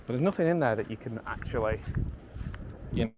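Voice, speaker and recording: A man's voice: mid-range voice, expressive, a little fast, a little mellow. A man rambling casually to a handheld camera and his dog while walking on a beach. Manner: rambling, self-mocking, talks to his dog. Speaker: vlogger. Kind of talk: casual walking vlog chat. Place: windy beach outdoors. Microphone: handheld pocket camera. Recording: faint wind and outdoor noise.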